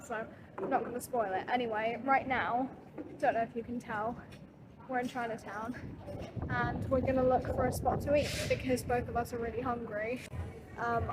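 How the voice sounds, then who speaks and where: A young woman, chatting casually and laughing at herself while vlogging a trip on her phone. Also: fairly high pitch. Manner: chatty, giggly, self-deprecating. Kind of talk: casual travel vlog. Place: train, busy streets and hotel room. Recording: noisy street and train background.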